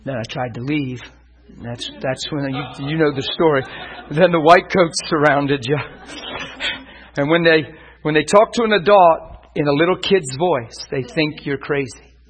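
A man preaching, telling his own story as a sermon testimony, animated and often laughing. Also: a little high, a little slow, rough recording.

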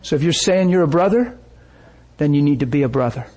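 An older man delivers a sermon in a husky, slightly high voice. He tells stories with animation, acting out the people he quotes. His voice swings between hushed asides and intense bursts. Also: brisk. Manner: animated, acts out quoted voices, laughs often. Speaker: preacher. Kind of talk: sermon storytelling.

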